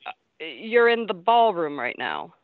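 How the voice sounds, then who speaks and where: A woman's voice: lowish voice, sing-song, unhurried, no echo. A woman working hotel staff on a phone call, polite and confused. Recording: dull lo-fi phone sound.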